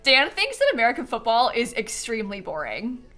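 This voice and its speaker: A woman's voice: on the high side, huge pitch swings, fairly quick, pushed and bright. A woman chatting casually on a live stream while she plays a life-sim game, giggling often and answering questions from chat.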